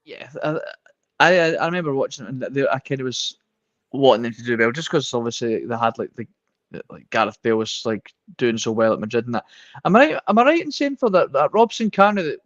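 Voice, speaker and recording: A man's voice: medium pitch, lively intonation, brisk, no echo. A man co-hosting a podcast, chatting casually and restarting his sentences as he thinks aloud. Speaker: podcast co-host. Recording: slightly muffled dry mic.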